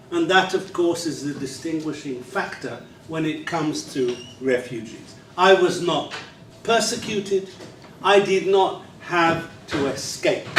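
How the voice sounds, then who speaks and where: A man in his sixties with an unusual English accent, giving a public lecture with a measured, wry storytelling manner. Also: fairly high pitch, a little hiss or hum. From England. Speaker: guest lecturer. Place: library lecture hall. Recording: echoey hall, distant mic, faint ambience.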